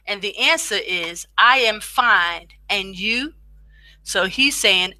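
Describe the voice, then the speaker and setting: A woman teaching a beginner language lesson, slowly repeating each phrase for practice, with chatty asides. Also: medium pitch, lively intonation, bright, forceful tone, no room sound.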